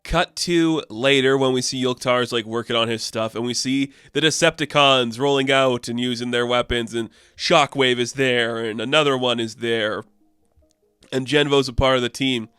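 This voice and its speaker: A man's voice: mid-range voice, fairly even intonation, normal speed, fairly bright tone, clean tone, no echo, clean studio sound, soft background music. A young man casually recapping a comic book issue, rambling with fillers and laughs.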